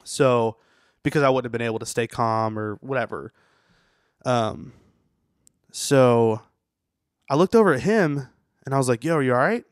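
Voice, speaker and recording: A man's voice: mid-range voice, clean tone, no room sound, studio quality. A young man, a tattooer, telling a story in a rambling, profane way full of "you know" on a podcast. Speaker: tattooer guest. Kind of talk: casual storytelling interview.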